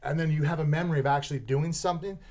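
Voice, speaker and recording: Middle-aged guy on a podcast, talks a bit high, lively and laughing, swears a lot. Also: very fast. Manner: animated, swearing, laughs often. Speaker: guest fighter. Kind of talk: casual podcast chat.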